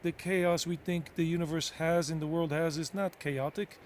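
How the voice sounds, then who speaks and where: A man's slightly high voice narrates his travel footage, excited and rambling. He gushes, repeats phrases and trails off, chatting loosely to his viewers. A faint background ambience sits under the voice. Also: moderate pace, slight background noise. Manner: gushing, rambling, repeats himself. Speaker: travel vlogger. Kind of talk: casual travel vlog narration.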